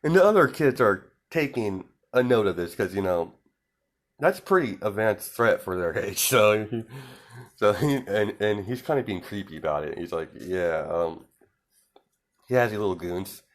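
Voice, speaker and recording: Man, casual storyteller, rambling, lots of fillers, very deep voice. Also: lively intonation, moderate pace. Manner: rambling, many fillers and restarts.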